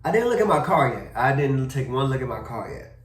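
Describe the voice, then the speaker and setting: A young man from Maryland telling a car crash story in a casual vlog, animated, full of slang and cursing. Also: mid-range voice, a little fast, far from the mic. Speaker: vlogger. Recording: roomy echo, a bit off-mic.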